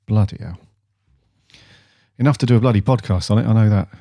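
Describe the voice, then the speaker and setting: A man's voice: fairly low pitch, fairly quick, vocal fry, mellow, no room sound, studio quality. A man co-hosting a fan podcast, in laid-back banter with casual swearing. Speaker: podcast co-host. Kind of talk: casual chat.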